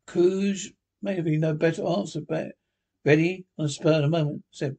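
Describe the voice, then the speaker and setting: A man storyteller reading a classic story aloud, in an unpolished way with stumbles and restarts, with a husky voice. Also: on the high side, fairly even intonation, moderate pace, darkish tone, low-quality recording.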